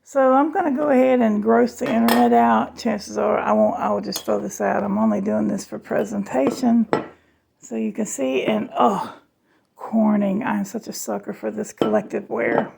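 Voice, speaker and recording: In a mid-range, creaky voice with a steady tone and moderate pace, a freshly woken home cook chats casually in her vlog, addressing viewers as y'all and honey. Some background noise comes through.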